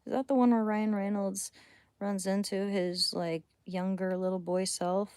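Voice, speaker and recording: A woman chatting casually on a late-night livestream at home, rambling between thoughts and often dropping to a hushed near-whisper. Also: medium pitch, little pitch movement, unhurried, clean tone, dry recording. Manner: rambling, drifting between thoughts while reading chat.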